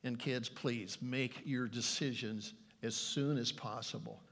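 An older man delivers a sermon in an earnest, pleading way. He reads scripture aloud with heavy emphasis, in a voice of ordinary pitch for a man. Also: fairly even intonation, slow pace, gravelly, fairly bright tone. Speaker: pastor.

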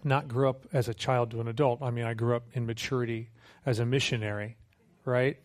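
Delivering a sermon at a brisk clip, a missionary preacher with a mid-range voice spins conversational, humorous stories. He animates them by acting out the quotes.

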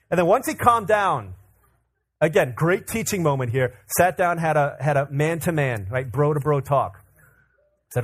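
A man preaching a sermon, telling a family story in an animated way, acting out quotes and laughing often. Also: a little high, normal speed, breathy edge. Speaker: pastor. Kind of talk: sermon with personal stories.

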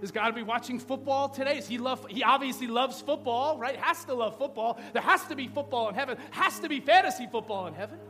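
Pastor, male, 30s, high-pitched, chatty preaching style with quips and questions; live hall sound with music bed. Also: fairly quick, few pauses, sharp tone. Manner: conversational preaching with rhetorical questions and humor. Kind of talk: sermon. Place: church sanctuary. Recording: long hall reverb with background music.

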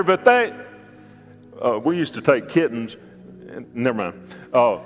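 An older pastor preaches a sermon slowly with frequent pauses, animated and joking, often repeating words and jumping up in pitch for asides. A long reverb tail trails his voice, with soft music in the background.

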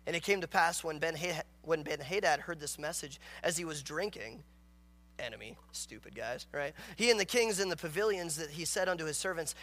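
A man's voice: fairly high pitch, brisk, a bit bright. A man preaching a morning sermon as a pastor, earnest and emphatic, reading scripture aloud and acting out the characters' dialogue.

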